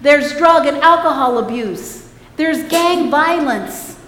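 A woman's voice: sits high, slow, fairly bright tone, slight background noise. A woman preaching a sermon, speaking emphatically and calling on the congregation to respond. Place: church sanctuary. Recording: echoey church hall.

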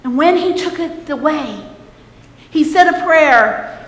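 In a church sanctuary with an echoey hall sound, a woman delivers an emphatic sermon, calling out for the congregation's response. Her voice sits high with lively intonation, and she speaks slowly with long pauses.

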